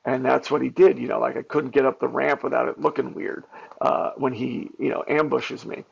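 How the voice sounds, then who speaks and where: A man with a very gravelly, husky voice tells behind-the-scenes stories as an interview guest. He talks in an animated rush of fillers and restarts. The audio is dull and lo-fi. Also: mid-range voice, normal speed. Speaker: stuntman and actor guest. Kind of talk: candid interview storytelling.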